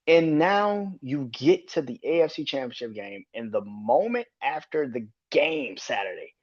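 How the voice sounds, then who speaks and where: A man hosting a solo sports podcast, talking in an animated, profane, exasperated way. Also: mid-range voice, a little slow, dull audio. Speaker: podcast host. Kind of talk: solo sports commentary rant.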